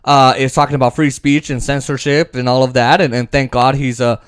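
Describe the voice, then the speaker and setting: A man's voice: mid-range voice, flat delivery, fairly quick, clean tone, dry recording, clean studio sound. A man hosting casual political commentary, rambling and sarcastic, with frequent restarts and mocking impressions.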